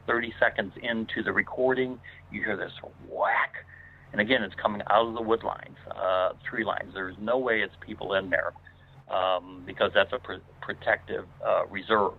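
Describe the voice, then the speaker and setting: Male guest telling a story by phone, lower voice, loose and filler-heavy delivery, phone-thin sound. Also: fairly even intonation, normal speed. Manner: rambling, many "uh"s and restarts. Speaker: guest paranormal investigator. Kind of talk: casual spoken storytelling. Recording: tinny phone line.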